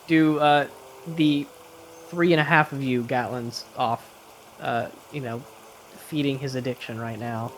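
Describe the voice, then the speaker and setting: A man's voice: medium pitch, steady tone, unhurried, a little hiss or hum. A man running a tabletop game as game master, describing scenes casually with lots of fillers.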